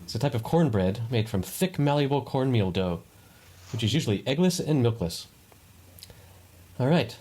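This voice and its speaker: A man's voice: mid-range voice, expressive, normal speed, pauses often, dark tone. A man co-hosting a podcast in casual chat, giving meandering explanations with many restarts. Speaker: podcast co-host.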